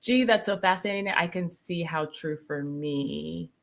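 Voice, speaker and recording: Woman, slightly low voice, casual livestream chat, laughs a lot, lots of fillers. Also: a little slow, vocal fry. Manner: chatty, laughs often, reads viewer comments aloud; filler-heavy with "like" and "um". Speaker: spiritual coach hosting a live stream.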